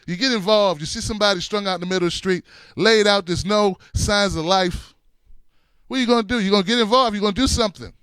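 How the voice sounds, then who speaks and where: High-voiced man telling a story. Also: quick pace, clean tone, no room sound. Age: middle-aged. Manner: animated, laughs through his story, shifts between loud and hushed. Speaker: show host. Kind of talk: comic storytelling monologue.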